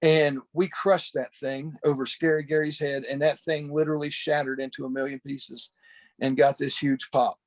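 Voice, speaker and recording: A talkative man with a slightly high voice reminisces about an old friend, wandering through his story with restarts and plenty of "you know." He sounds like an ex-wrestler chatting over a video call camera. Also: flat delivery, moderate pace. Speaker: former pro wrestler, podcast guest. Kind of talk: casual memorial reminiscing.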